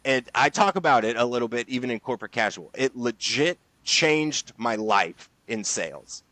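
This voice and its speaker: A man's voice: mid-range voice, animated, normal speed, pushed and bright, dry recording. An enthusiastic man talking in a podcast interview as a guest, emphatic and casual with lots of slang. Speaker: guest, sales leader and author.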